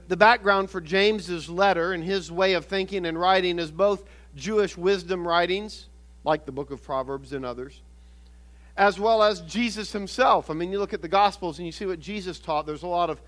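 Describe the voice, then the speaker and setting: A man's voice: high-pitched, normal speed, fairly bright tone. A man preaching a sermon as pastor, explaining a Bible passage earnestly and often correcting himself mid-sentence.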